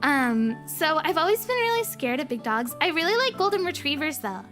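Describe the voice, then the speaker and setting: A woman's voice: high-pitched, big pitch swings, moderate pace, fairly bright tone. A woman streamer chatting casually in a bubbly, rambling, playful way. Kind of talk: casual chat. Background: faint background music.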